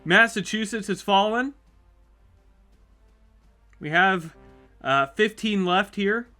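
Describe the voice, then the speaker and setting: A man calls a simulated battle as it plays out, talking in a chatty, upbeat way. His voice is high and bright, with a sharp edge. Faint music runs quietly underneath. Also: slow pace. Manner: upbeat, chatty, reacts with excitement. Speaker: YouTube host. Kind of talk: live commentary on a map simulation.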